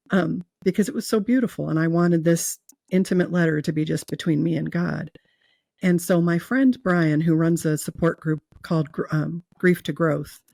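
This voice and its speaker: Woman guest, heartfelt storyteller, gravelly fry in her voice, close and dry. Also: sits low, dark tone, no room sound. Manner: earnest, emotional, with fillers and restarts. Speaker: guest telling her near-death experience. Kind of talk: personal storytelling in an interview.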